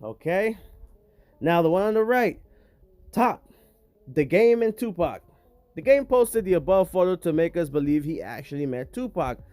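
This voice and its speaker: A man's voice: high voice, expressive, normal speed, pauses often, a little mellow. A man hosting a casual vlog, talking straight to his viewers in emphatic, slangy street talk. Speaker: host.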